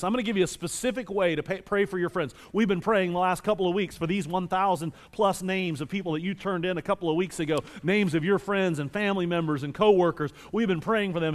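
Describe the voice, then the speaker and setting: A male pastor preaching a sermon with animated delivery, moving between loud emphasis and quiet scripture reading. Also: high voice, in a large hall.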